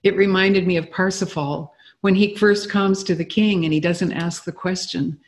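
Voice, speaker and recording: A man with a high voice and a gravelly, creaky edge joins a reflective group discussion. He speaks eagerly and makes quick connections between ideas. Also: steady tone. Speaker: discussion participant.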